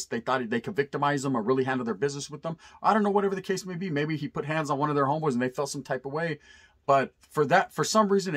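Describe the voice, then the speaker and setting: Husky-voiced man telling a rough story. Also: a little high. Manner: animated, profane, heavy street slang. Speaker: storyteller vlogger. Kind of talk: casual storytelling.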